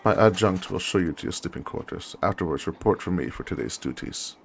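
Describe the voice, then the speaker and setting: A man's voice: low-pitched, animated, fairly quick, creaky, a little hiss or hum. A man voicing a condescending male German army lieutenant in a war game, giving haughty, clipped commands.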